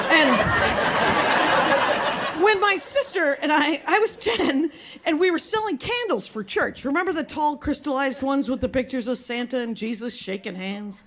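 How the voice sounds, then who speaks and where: A middle-aged woman doing a stand-up comedy set on stage, telling stories with wry, deadpan delivery. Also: sits high, measured pace.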